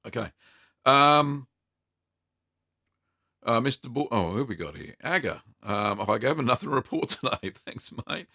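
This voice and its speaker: Chatty man with a gravelly voice. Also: lowish voice, sharp tone, dry recording, studio quality. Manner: chatty, upbeat, laughs often, many ums. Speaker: cheese-making livestream host. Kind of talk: casual live Q&A, reading chat aloud.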